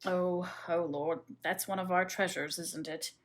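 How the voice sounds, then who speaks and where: A woman reading the lines of a brusque, impatient English husband in an audiobook, in a curt, brisk manner. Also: lowish voice, fairly even intonation, lightly acted.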